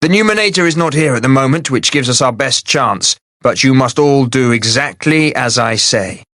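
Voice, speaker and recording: A proud, drained old sorcerer played by a man who still talks like he is rousing a crowd. His voice sits a little higher and more urgent than plain narration, close and dry. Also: lively intonation, moderate pace, fairly bright tone, dry recording, lightly acted. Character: proud worn-out male sorcerer, commanding but tired.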